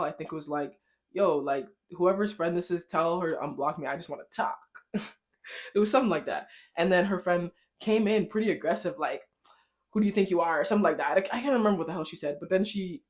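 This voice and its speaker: Young woman, podcast host, casual storytime, animated, swears, laughs a lot. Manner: animated, swearing, laughs often, voice jumps high when shocked.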